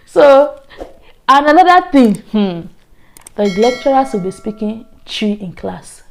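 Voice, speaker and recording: A woman from Nigeria with a Nigerian English accent that slips toward Ghanaian, telling a lively, expressive story in a casual storytime chat. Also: on the high side, moderate pace. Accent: Nigerian English, mixed with Ghanaian. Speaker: vlogger.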